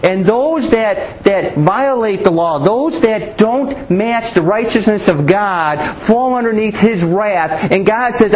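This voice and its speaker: A man's voice: high voice, lively intonation, slow, hardly any pauses, a little hiss or hum, poor audio. A man preaching a Bible teaching sermon, asking rhetorical questions and often restarting his sentences.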